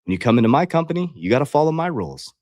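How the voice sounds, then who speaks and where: Racing along with a very animated, medium-pitched voice that's a little mellow, a life coach talks straight to his livestream viewers as "guys." He's blunt, confrontational, and swears freely in this motivational talk. The audio is clean studio sound without room sound.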